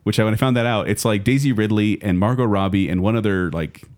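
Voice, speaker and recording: A man's voice: on the low side, fast, a little mellow. A man hosting a podcast, chatting casually and enthusiastically. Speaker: podcast host. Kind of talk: casual chat.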